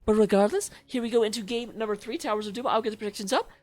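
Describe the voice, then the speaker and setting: A woman's voice: on the high side, rapid-fire, darkish tone, dry recording. A woman casting a live online video game match, chatty and self-mocking, laughing easily between plays. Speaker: esports caster.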